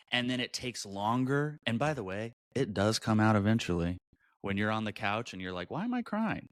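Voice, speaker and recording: A young adult man talking about mental health, lively and expressive, his pitch leaping up when he acts out his own thoughts. His voice sits a little low and sounds dry and close to the mic, with no room around it. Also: dry recording. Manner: expressive, jumps high in pitch for quoted inner voices. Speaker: podcast guest, mental health advocate. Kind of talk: animated conversational storytelling.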